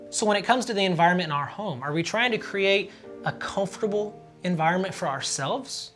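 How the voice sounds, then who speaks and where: A man who is a father of daughters, giving parenting advice to camera in a steady, earnest way and briefly acting out short quoted phrases. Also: high voice.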